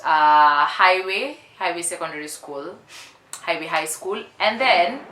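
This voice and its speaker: Young woman in her twenties, candid vlogger; low pitch, bright tone, roomy echoey sound. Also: a little hiss or hum. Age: 20s. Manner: candid and emphatic, repeats herself for effect. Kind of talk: casual confessional vlog. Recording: roomy echo.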